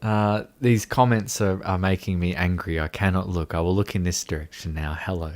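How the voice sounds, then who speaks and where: A man's voice: low voice, steady tone, moderate pace, few pauses. A young man hosting a casual livestream chat, rambling and mocking himself with frequent laughter. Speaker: livestream host.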